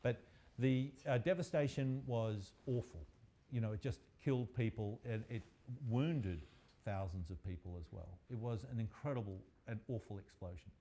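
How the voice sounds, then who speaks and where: A male university lecturer telling a story in a lively, chatty way. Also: on the low side, moderate pace.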